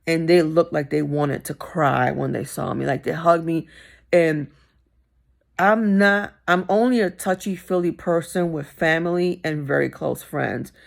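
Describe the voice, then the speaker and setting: Low gravelly woman telling her story. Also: measured pace. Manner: candid, emphatic, repeats phrases for stress. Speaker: vlogger. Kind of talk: personal storytelling vlog.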